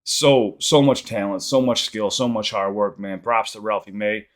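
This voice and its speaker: A man's voice: lowish voice, moderate pace. A man hosting a reaction channel, talking casually and rambling with frequent laughs.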